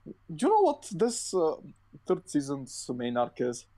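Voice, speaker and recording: A man's voice: fairly high pitch, huge pitch swings, unhurried, crowd noise, low-quality recording. Rambling, profane male podcast co-host. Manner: rambling, profane, lots of fillers and restarts. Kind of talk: casual chat.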